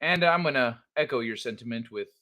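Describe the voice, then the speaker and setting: A man hosting a late-night live stream, chatting casually, swearing freely and telling stories with animated sound effects. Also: medium pitch, a little fast, a little hiss or hum. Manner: laid-back, profane, animated storytelling.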